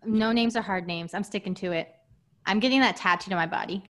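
A woman's voice: medium pitch, a little fast, fairly bright tone. A young adult woman co-hosting a casual podcast chat, emphatic and playful. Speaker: podcast co-host.

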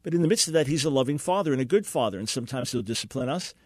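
A man's voice: medium pitch, animated, racing, darkish tone, dry recording, studio quality. A man hosting a radio call-in show, earnestly explaining and answering a caller's question, sometimes acting out quoted dialogue.

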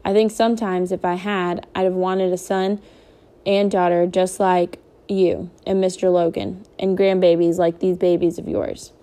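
A woman's voice: on the low side, level tone, moderate pace, dark tone, lightly acted. A woman reading aloud, voicing a kindly older farmhand in a story. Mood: tender. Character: kindly older Black farmhand, gentle man.

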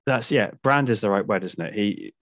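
A man appearing as a guest on a film podcast, talking in a measured, conversational way. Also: on the low side, no echo. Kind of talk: casual film discussion.

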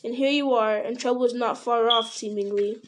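A woman's voice: on the high side, steady tone, moderate pace, a little hiss or hum, lightly acted. A woman voicing a fussy, rambling middle-aged male innkeeper with a folksy, apologetic way of talking.

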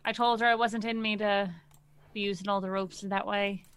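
A woman's voice: mid-range voice, level tone, brisk, noisy background, close to an everyday voice. A woman voicing a folksy, bawdy married man who stammers and restarts often.

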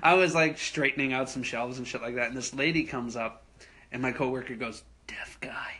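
A man's voice: medium pitch, a little fast, pushed and bright. A young man, a podcast guest, telling funny stories casually with lots of laughter and casual swearing. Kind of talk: casual comedic storytelling.

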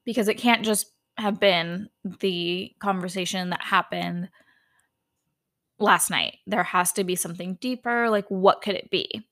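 A woman's voice: medium pitch, unhurried, fairly bright tone. A woman hosting a solo podcast, recapping a reality TV episode in a chatty, giggly way with lots of "like". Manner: chatty, laughs often, lots of "like". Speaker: podcast host. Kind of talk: casual solo TV recap chat.

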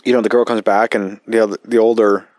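Profane, rambling veteran podcast host. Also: male voice, fairly low pitch, level tone, quick pace, a little mellow, no room sound, clean studio sound. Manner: profane, rambling, with frequent fillers. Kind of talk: casual storytelling.

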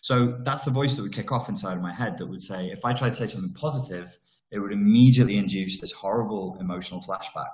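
A man's voice: lowish voice, quick pace, darkish tone, echoey room, low-quality recording. A man talking frankly over a video call about trauma recovery, digressing and restarting his sentences. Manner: candid and digressive, with frequent restarts.

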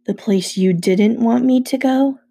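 A woman's voice: fairly high pitch, measured pace, creaky, mellow, husky, voice pushed up, exaggerated voice. A woman voicing an anxious, sarcastic twelve-year-old boy who fires off incredulous questions. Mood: alarmed.

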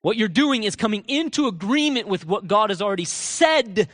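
A man preaching a sermon in a church, emphatic and full of rhetorical questions, sometimes dropping to quiet asides. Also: high-pitched, lively intonation, normal speed. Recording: long reverb of a large hall.

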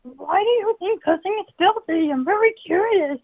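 A woman's voice: very high-pitched, expressive, normal speed, no echo. A woman playing a creepy, provoking prank caller who swears and argues with the host over the phone. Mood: indignant. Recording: tinny phone line.

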